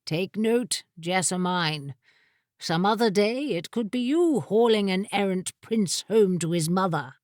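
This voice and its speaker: Woman putting on a smug know-it-all wizard guy, lower voice, slow and dry. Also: expressive, no room sound, lightly acted. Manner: pompous, knowing, pleased with himself. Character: smug older male wizard, self-satisfied and pompous.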